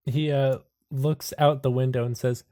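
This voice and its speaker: A man's voice: medium pitch, little pitch movement, normal speed, mellow. A man narrating as game master of a tabletop game, laughing often and jumping into character voices.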